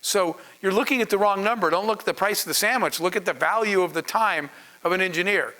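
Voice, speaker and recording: A man, a startup founder, telling stories to an audience in an animated way, laughing and acting out dialogue. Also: sits high, fast talker, poor audio. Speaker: startup founder and panel speaker. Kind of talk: storytelling talk to an audience.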